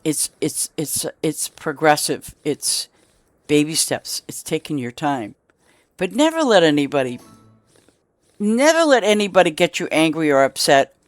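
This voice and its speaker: A woman's voice: low-pitched, no room sound. A middle-aged woman streaming a game, chatting casually in a rambling way with many restarts and asides.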